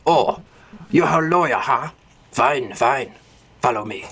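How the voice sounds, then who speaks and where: A man doing a gruff pirate-voiced prison guard. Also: mid-range voice, lively intonation, slow pace, pushed and bright, voice pushed down, full character voice.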